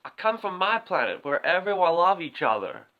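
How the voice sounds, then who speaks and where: Woman doing odd defensive male filmmaker, broken grammar, stammering, lively swooping voice, comedy impression. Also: fairly low pitch, normal speed, muffled recording. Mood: dreamy. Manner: broken grammar, stammering, mocking chicken clucks.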